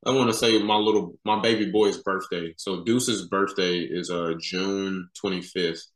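A man's voice: low-pitched, fairly even intonation, unhurried. A man in his thirties, a podcast guest, telling personal stories in a candid, casual, slangy way. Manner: casual slangy talk, many "you know" fillers. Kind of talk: candid conversational storytelling. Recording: roomy echo.

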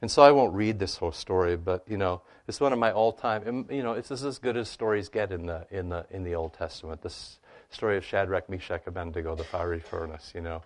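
A man with a fairly low voice talks through scripture as he answers questions. He is animated and conversational, and he keeps checking in with "right?" and "you know.". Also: fairly quick. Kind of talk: conversational teaching.

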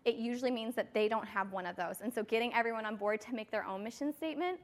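A woman with a slightly high voice gives a motivational talk to her team, chatty and loose, full of little fillers. Her voice carries a long reverb, as if in a large hall. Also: quick pace. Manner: chatty, filler-heavy storytelling. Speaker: team leader speaking to her sales team.

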